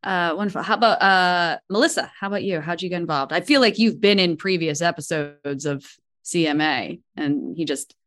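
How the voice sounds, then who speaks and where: A woman's voice: on the low side, fairly bright tone. Enthusiastic woman hosting. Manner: enthusiastic, quick to react. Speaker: host. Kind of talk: casual interview.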